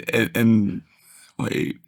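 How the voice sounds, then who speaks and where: A young man, a podcast guest, chatting casually, joking and reacting loudly in disbelief. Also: on the low side, drawn-out words, dry recording, clean studio sound. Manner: animated, jokey, exclaims in disbelief.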